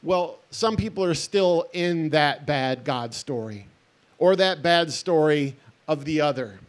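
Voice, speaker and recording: A man's voice: a little high, lively intonation, slow pace. A middle-aged man, a pastor, giving an earnest, conversational festival talk with wry asides.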